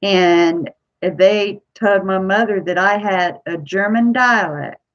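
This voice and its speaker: Slow-talking woman with a Kentucky accent. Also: mid-range voice, muffled recording. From Ohio. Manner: chatty, rambling, unhurried. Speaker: vlogger. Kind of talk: casual chat to camera.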